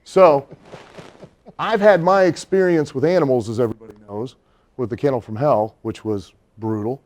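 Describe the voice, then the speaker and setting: A man's voice: medium pitch, moderate pace. Laughing middle-aged male storyteller. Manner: animated storyteller, laughs often. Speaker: wrestler telling a story. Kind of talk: casual anecdote in an interview.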